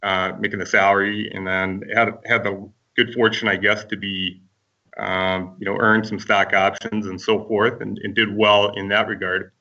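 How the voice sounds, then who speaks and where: A man from Minnesota, a podcast guest, telling his story in a relaxed, rambling way with lots of fillers. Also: on the low side, normal speed, far from the mic, highs cut off.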